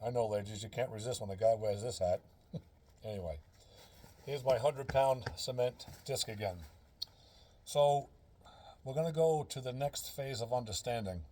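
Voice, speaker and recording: A man's voice: medium pitch, normal speed, pauses often, dark tone. A man in a casual instructional vlog, explaining earnestly step by step and repeating his key phrases. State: out of breath. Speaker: fitness and breathing instructor.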